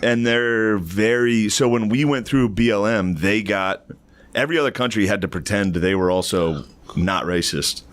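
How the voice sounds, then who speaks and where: Blunt foul-mouthed podcast cohost, kinda low voice. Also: male voice, normal speed, a bit bright. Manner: blunt and crude, profane. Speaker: podcast co-host. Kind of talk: casual chat.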